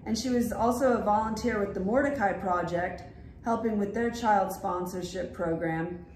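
A woman's voice: medium pitch, moderate pace, a little mellow, slight background noise. Woman host in an echoey room. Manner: steadily lists a biography with brief fillers. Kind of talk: casual introduction of a guest.

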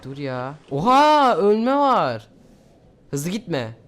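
A man chatting casually and exclaiming excitedly while playing a co-op game. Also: sits high, very slow. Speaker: gamer. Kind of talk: casual co-op gaming chat.

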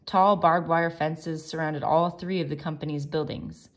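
A woman teacher reading a chapter of a novel aloud to her class in a calm, measured way. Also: deep voice. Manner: calm, measured, soft-spoken narration.

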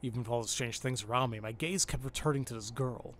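A man hosting a let's play, reading a visual novel aloud with excitable, cursing commentary. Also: mid-range voice, fast, a little hiss or hum. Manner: excitable, swears and exclaims at the game.

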